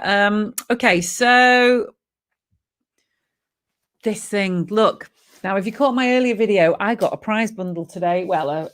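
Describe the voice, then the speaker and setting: A British woman hosting a live stream, chatty and jokey, a bit hoarse from yodeling. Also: mid-range voice. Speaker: host.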